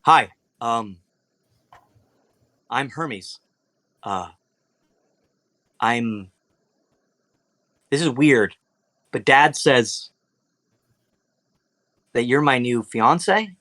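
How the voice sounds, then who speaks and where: A man voicing a nervous, awkward young male god who talks haltingly. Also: mid-range voice, animated, bright, forceful tone, no echo, heavily acted. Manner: hesitant, halting.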